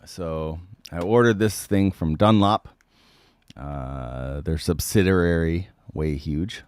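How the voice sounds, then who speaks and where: A man with a sick voice hosting a casual livestream, answering viewer comments with many ums and frequent throat clearing. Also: low-pitched, slow pace, darkish tone, no echo, clean studio sound.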